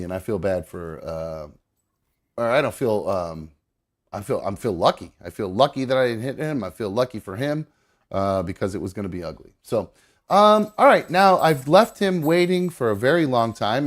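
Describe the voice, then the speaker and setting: A man hosting a live call-in stream, chatting casually with frequent swearing and restarts. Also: fairly low pitch. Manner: rambling, swears freely, restarts sentences. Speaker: host of a live call-in show.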